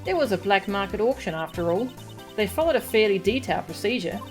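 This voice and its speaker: A woman's voice: mid-range voice, lively intonation, fast, faint music behind, voice pushed up, close to an everyday voice. A woman voicing a brash young female photographer who talks in a folksy, drawling country way, read aloud from a game.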